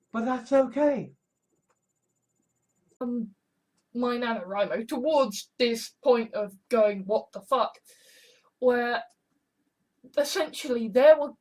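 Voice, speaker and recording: A woman's voice: on the high side, darkish tone. Swearing, exasperated woman vlogger. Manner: profane, exasperated, rambling. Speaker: YouTube vlogger. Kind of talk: casual vlog monologue.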